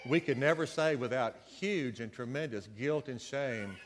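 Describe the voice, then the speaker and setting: A man's voice: mid-range voice, measured pace, in a large hall, slight background noise. A man preaching a conversational sermon, with folksy storytelling asides. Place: church sanctuary.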